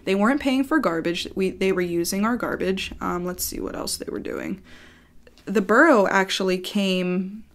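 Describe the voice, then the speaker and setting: A woman's voice: mid-range voice, normal speed. A woman telling a personal story to camera in a casual vlog, chatty and blunt, swearing freely and filling with "like".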